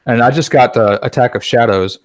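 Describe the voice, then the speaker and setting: A man's voice: mid-range voice, a little fast, no room sound. A man chatting casually on a podcast, rambling a little and acting out the things he quotes. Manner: chatty, acts out quoted remarks.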